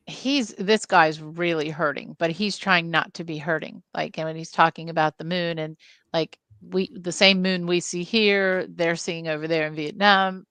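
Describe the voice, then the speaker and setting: A woman's voice: sits low, a bit bright, smooth, dry recording. A woman co-hosting a film podcast, talking earnestly and with empathy about a character. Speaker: podcast co-host. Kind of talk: casual film review chat.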